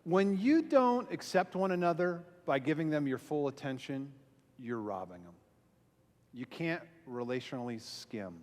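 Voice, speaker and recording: A man's voice: fairly high pitch, lively intonation, a little slow, darkish tone. A man, a pastor, telling a self-mocking story to a church audience and acting out the voices he quotes. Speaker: pastor and small group speaker. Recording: long hall reverb from a live venue.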